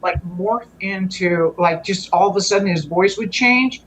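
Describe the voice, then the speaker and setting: In a low-quality recording with a little hiss or hum, a woman with a medium-pitched voice shares a personal story as a guest. Her speech is halting and full of restarts, with trailing phrases she picks back up later as she sorts through events.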